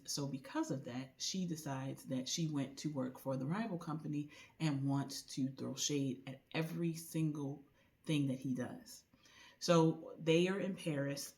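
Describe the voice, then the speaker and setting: Chatty woman retelling a book's plot. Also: low-pitched. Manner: chatty, animated retelling with voiced quotes; colloquial with frequent "like" and "you know". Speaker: book reviewer. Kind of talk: casual book recommendation vlog.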